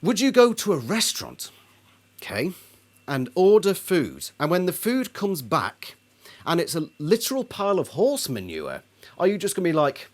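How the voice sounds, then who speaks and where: A man's voice: on the high side, wildly swooping pitch, moderate pace. A man ranting about a band in a sarcastic, indignant video monologue. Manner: indignant, sarcastic, mocks others in put-on voices. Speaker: album reviewer.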